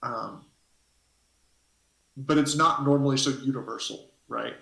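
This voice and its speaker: A man's voice: mid-range voice, steady tone, a little slow, vocal fry, pushed and bright. A man narrating a tabletop game as game master, rambling and hesitant as he thinks aloud. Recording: echoey room.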